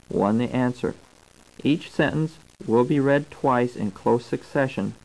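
A man reading a scripted language course, slowly spelling out words and their tones. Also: medium pitch, darkish tone, rough recording. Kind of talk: scripted instructional narration. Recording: old tape recording.

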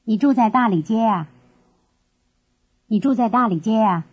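Actress as a young student giving directions, slightly husky, slow careful drill lines, lo-fi tape. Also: female voice, a little high. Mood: answering. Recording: dull lo-fi course tape.

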